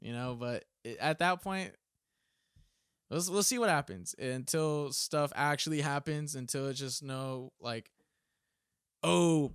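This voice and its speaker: Swearing, animated young man telling stories. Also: a little high, clean tone, dry recording, clean studio sound. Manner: swears freely, animated storytelling with acted quotes. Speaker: podcast guest, former Marine. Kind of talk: casual chat.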